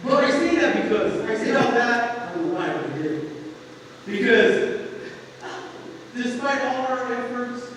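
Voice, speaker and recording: A middle-aged pastor gives an informal sermon in a church, earnest and conversational with homey humor. His very high-pitched voice is very animated, a little slow and a bit bright, with frequent pauses. The recording sounds echoey and distant in a hall, with faint noise.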